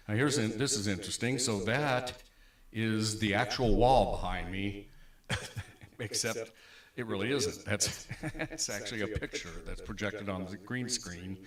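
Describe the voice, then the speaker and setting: A man chatting casually on a home livestream from a basement room, relaxed and self-deprecating. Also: fairly low pitch, echoey room. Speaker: home livestreamer and guitar singer. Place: basement room with green screen. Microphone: webcam stream mic from across room.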